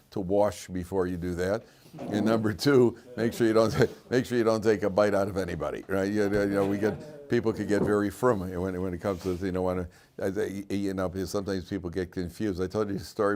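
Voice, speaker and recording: Older man, low-voiced rabbi at a classroom lesson; meandering, full of restarts, quick with a joke. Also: darkish tone. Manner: rambling, many fillers and restarts, joking storyteller. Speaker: rabbi teaching a weekly class. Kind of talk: informal Torah class with jokes. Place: classroom with students.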